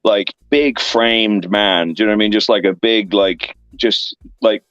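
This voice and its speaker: A man's voice: on the low side, unhurried, no room sound, highs cut off, faint music behind. A man in his thirties with an English accent, a wrestler telling backstage stories in a casual interview, rambling with lots of fillers. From England. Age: 30s. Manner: rambling, filler-heavy anecdotes with lively voiced asides. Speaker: guest, professional wrestler. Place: online interview stream.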